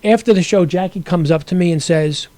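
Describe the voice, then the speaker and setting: Give me a man from Brooklyn chatting as a guest on an interview show. He talks fast in a mellow, slightly raised voice and rambles through his stories, restarting as he goes. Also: sits high, no echo. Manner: rambling storyteller with many restarts. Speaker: guest actor. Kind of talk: casual interview chat.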